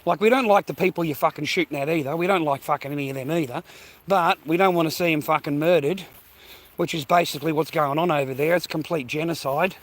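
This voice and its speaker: A man's voice: fairly high pitch, fast. A man with an Australian accent, vlogging outdoors while walking, talking in a rambling, profane, slangy way and sounding slightly out of breath. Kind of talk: casual walking vlog rant. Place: outdoors on foot.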